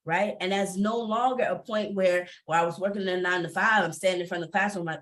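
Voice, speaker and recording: Woman panelist, lively and emphatic, laughs a lot, video call sound. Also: on the low side, fast talker, hardly any pauses. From Atlanta area. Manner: animated, laughing, emphatic repetition. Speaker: panelist, entrepreneur and former teacher. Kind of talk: candid panel talk.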